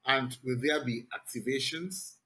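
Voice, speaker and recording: Slow-talking male interviewer. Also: mid-range voice, bright, forceful tone, slightly rough, poor audio. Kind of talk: interview questions.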